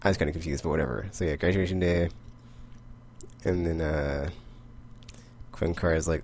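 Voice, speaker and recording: A man's voice: very deep voice, steady tone, moderate pace, pauses often, a little mellow, slight background noise. A man casually recapping comic books, rambling and full of "like". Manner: rambling, heavy use of "like". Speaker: comic book vlogger.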